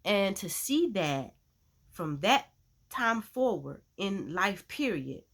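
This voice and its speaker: Woman, christian vlogger, chatty storyteller, animated, conversational. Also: medium pitch, slow pace. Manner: chatty, animated retelling with frequent "you know". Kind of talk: casual faith testimony storytelling.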